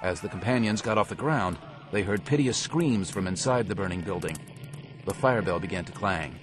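Male audiobook narrator, low voice, steady and measured, faint music.

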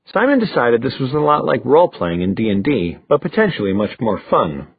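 A man narrating an audiobook in an expressive, storytelling manner. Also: mid-range voice, brisk, breathy edge, no echo. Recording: dry, phone-like thin sound.

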